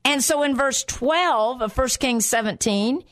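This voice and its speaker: A woman's voice: sits high, a little slow, fairly bright tone. A woman preaching a sermon in an earnest way, often repeating phrases for emphasis.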